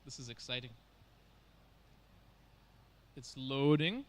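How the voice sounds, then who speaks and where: A man's voice: medium pitch, lively intonation, takes it slowly, a little hiss or hum. A man from Bangalore, hosting a conference with casual joking stage banter and teasing the audience. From Bangalore, India. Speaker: conference host.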